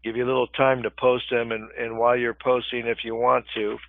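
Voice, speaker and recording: A man's voice: mid-range voice, level tone, brisk, gravelly, a little hiss or hum. An older man teaching a live webinar in a conversational way, often checking in with the group. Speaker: real estate webinar instructor. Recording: tinny phone-line webinar audio, dry.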